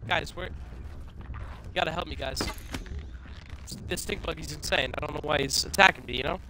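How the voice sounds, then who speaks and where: A man's voice: on the high side, brisk, noisy background. A young man streaming a survival game, joking with his viewers and talking to the bugs on screen. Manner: jokey, talks to his viewers and to the game creatures. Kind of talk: live gameplay commentary.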